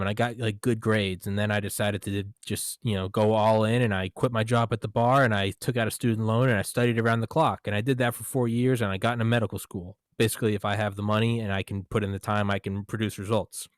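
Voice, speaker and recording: Deep-voiced young man telling a story. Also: level tone, quick pace, hardly any pauses, no room sound, clean studio sound. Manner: storytelling, swearing, quoting himself. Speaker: podcast host. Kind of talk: casual conversation.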